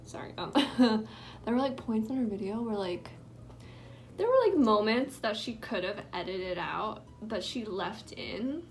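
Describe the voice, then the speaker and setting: A woman's voice: medium pitch, animated, a little slow, a little hiss or hum. A young woman chatting in a rambling, filler-heavy way while doing her makeup at home, sometimes dropping into a whisper. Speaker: vlogger. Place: indoors at home.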